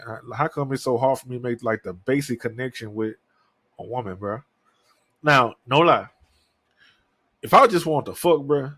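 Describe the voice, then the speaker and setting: A man's voice: mid-range voice, no echo. A man in his thirties hosting a podcast alone, talking candidly in a rambling way and swearing often. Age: 30s. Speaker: podcast host. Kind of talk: casual solo monologue.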